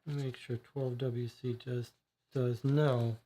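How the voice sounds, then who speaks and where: Board game streamer, mid-pitched, musing aloud and reading game cards, casual livestream delivery. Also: little pitch movement, a little slow, dark tone. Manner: thinking aloud, many fillers, reads case text aloud.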